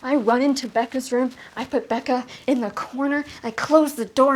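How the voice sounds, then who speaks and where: A young adult woman performing a confessional comedy monologue, intense and halting, with an emotional delivery. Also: high-pitched, steady tone. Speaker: solo comedian. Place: apartment.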